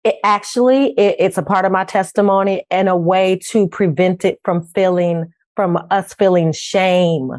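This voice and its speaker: A woman's voice: medium pitch, fairly even intonation, normal speed, few pauses, a little mellow, dry recording, studio quality. A woman from Las Vegas calling in as a guest on an interview show, speaking in an earnest and open way. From Las Vegas, Nevada. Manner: earnest, open, laughs easily. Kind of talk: casual interview chat. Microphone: remote call-in.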